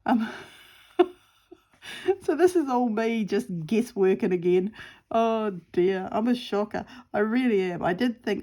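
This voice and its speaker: A middle-aged sewing vlogger with a New Zealand accent chats casually about her crafting while she sews outdoors at home. Her voice is medium-pitched, slow and warm, and she rambles in a self-deprecating way, sometimes dropping to a murmur.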